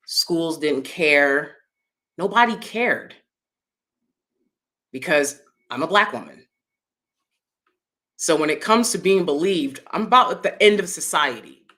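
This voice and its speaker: A woman hosting her own channel, talking in a casual, animated way, often checking in with "right?" and jumping into high mocking voices. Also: slow, pauses often. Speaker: commentary channel host. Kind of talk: casual opinion commentary.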